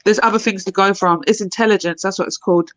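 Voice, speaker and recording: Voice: medium pitch, fairly even intonation, quick pace, no room sound, dull audio. A panel guest on a live online discussion who speaks bluntly and mockingly.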